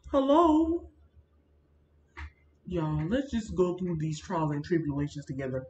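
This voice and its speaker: A woman chatting casually to her viewers while she sets up a video, rambling and animated, recorded at home on a built-in computer mic. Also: low voice, moderate pace, reverberant, muffled recording, a little hiss or hum. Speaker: gaming YouTuber. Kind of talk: casual chatty vlog narration. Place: home room near a busy street.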